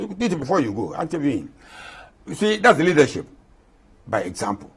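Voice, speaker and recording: A man's voice: medium pitch, very animated, a little fast, slightly rough. A man in his eighties with a Ghanaian accent, an interview guest speaking with passion and repeating points for emphasis. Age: 80s. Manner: impassioned, repeats himself for emphasis.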